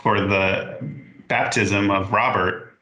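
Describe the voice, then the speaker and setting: Man, 40s, podcast guest. Low, forceful voice, halting and unhurried, recorded in a roomy space. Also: steady tone. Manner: halting, unhurried, stops to correct himself. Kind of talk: casual storytelling.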